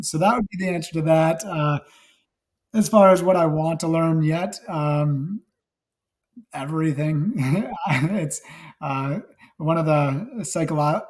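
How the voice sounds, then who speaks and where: A man from Wisconsin talks as a guest in a relaxed interview. His voice is low and a little raspy, and it sits a touch higher in pitch than most men's. He rambles, circling back with fillers and restarts. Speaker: guest actor and nurse. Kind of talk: casual interview chat.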